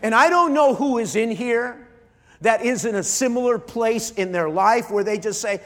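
A middle-aged man, a pastor, preaching an emotional sermon, often halting and repeating his starts. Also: extremely high pitch, lively intonation, a bit bright, in a large hall. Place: large church hall.

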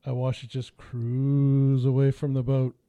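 A man on a fishing podcast, telling stories in a lively, animated way. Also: medium pitch, unhurried, smooth. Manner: animated storyteller, acts out others' voices. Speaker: podcast host. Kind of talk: casual fishing chat.

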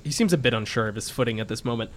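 A man's voice: medium pitch, very fast. A man running a tabletop role-playing game as game master, narrating the scene in a loose, chatty way.

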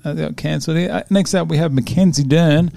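A man's voice: fairly high pitch, fast, creaky, mellow, no echo. A man, chatting casually and laughing often as he previews fights with his young son. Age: 40s. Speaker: podcast host previewing fights. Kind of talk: casual chat.

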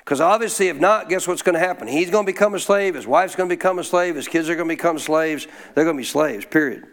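High-voiced man leading Bible study. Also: quick pace. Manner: call-and-response, prompts listeners to answer aloud; informal, folksy phrasing. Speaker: Bible teacher. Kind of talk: interactive Bible teaching.

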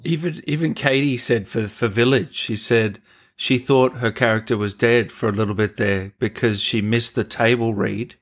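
A man with an Australian accent hosting an interview, relaxed and friendly, reading out viewer questions. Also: mid-range voice, normal speed. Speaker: interview host. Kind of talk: casual interview chat.

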